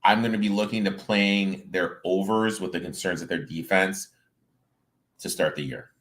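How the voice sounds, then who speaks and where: A man with a very low voice co-hosts a sports chat. He works through stats and predictions in a steady, analytical way, and his talk stays conversational. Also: moderate pace. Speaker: podcast co-host.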